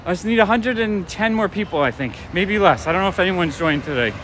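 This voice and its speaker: Against a noisy background, a vlogger and toy shop owner walks along city streets telling rambling stories, laughing as he chats. His high voice is animated and a little fast in this casual walk-and-talk vlog.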